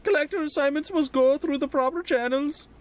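A man doing a prim, fussy video game guard. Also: fairly quick. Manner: prim, pleading, raised pitch.

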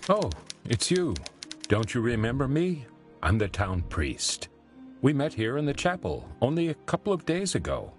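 An actor playing a kindly, solemn old male town priest in a video game, speaking slowly and gravely. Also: mid-range voice, wildly swooping pitch, faint music behind. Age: older.

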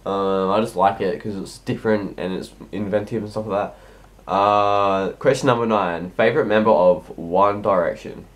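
A man's voice: on the low side, fairly even intonation, moderate pace. A sixteen-year-old boy, sick and coughing, answering viewer questions in a rambling, hesitant casual vlog. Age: teens. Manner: rambling, hesitant, heavy with ums and restarts.

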